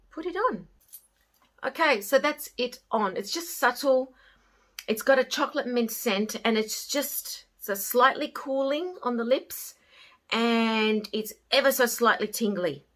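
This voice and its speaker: Chatty woman reviewing beauty products. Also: medium pitch. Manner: chatty, often trailing off softly. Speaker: beauty haul vlogger. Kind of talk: casual product review chat.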